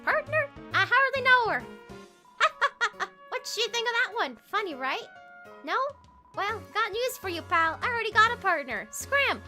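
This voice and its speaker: A woman's voice: very high voice, big pitch swings, measured pace, sharp tone, soft background music, pitched above the performer's own voice, full character voice. A woman playing a brash joking monster kid. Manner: brash, jokey.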